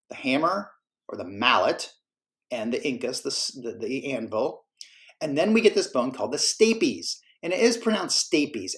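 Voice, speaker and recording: A man's voice: mid-range voice, a bit bright. A man teaching a class, explaining in a casual, self-correcting way. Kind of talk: classroom lecture.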